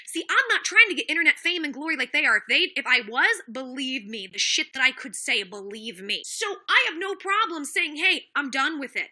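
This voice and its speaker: A woman with a high, very bright and sharp voice rants on her livestream, indignant and heated. She talks straight to her chat, repeating herself and calling out viewers by name. It sounds like a webcam or phone mic. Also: big pitch swings, brisk, few pauses. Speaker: livestream host.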